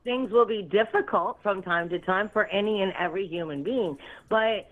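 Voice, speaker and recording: A female caller on a live show, speaking calmly from home over the phone. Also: medium pitch, normal speed, narrow, tinny audio. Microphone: phone line.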